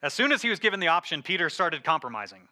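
Chatty, bright-voiced preacher man. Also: a little high, very animated, quick pace. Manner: conversational, filler-heavy, joking asides. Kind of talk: casual sermon.

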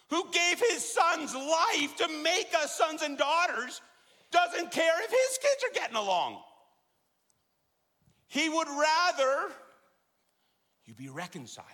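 Middle-aged man, pastor preaching in a big church, bright high voice, long hall echo. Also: slow, long pauses. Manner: animated, jokey preaching with sudden loud emphasis. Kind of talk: sermon.

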